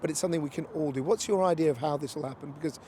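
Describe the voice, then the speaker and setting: A man's voice: on the high side, rapid-fire, warm tone, slight background noise. A man interviewing a guest outdoors, asking questions in a chatty, conversational way. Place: outdoors near a street demonstration.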